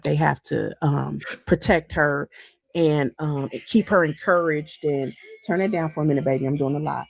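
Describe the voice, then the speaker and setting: A woman's voice: deep voice, fairly even intonation, normal speed, gravelly. A woman YouTuber giving blunt, scolding commentary in a casual video.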